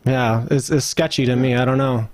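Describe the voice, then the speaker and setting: A man's voice: medium pitch, fairly even intonation, moderate pace, darkish tone, no room sound. A man co-hosting a casual roundtable chat, musing aloud with many fillers. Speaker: podcast co-host.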